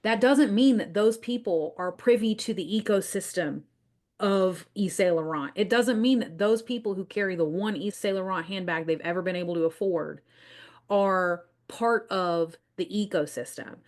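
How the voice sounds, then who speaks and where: A woman's voice: mid-range voice, moderate pace, a little mellow. A woman with a Southern US accent hosting a business podcast, speaking confidently and emphatically about marketing and acting out what clients say. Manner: confident, emphatic, acts out clients in quoted voices. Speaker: podcast host, business coach.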